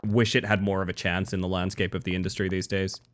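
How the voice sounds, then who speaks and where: A man's voice: sits low, flat delivery, fast talker. An Australian man streaming a game, chatting casually with his viewers and often breaking off and restarting his sentences. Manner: rambling, self-interrupting, casual swearing. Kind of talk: casual live-stream chat.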